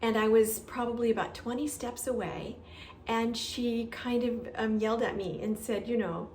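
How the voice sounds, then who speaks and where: A woman's voice: on the high side, steady tone, normal speed. Lady gardener rambling on a walk, roomy echo, faint hiss behind. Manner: chatty and warm storyteller, many fillers. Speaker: gardening vlogger. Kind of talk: casual chat. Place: outdoors walking with a stroller.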